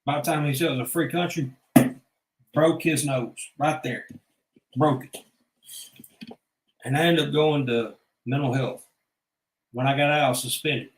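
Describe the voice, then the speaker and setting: A man's voice: mid-range voice, fairly even intonation, unhurried, pauses often, slight background noise. A man, telling stories from his life in a blunt, rambling, profane way. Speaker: vlogger. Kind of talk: casual personal storytelling. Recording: echoey room.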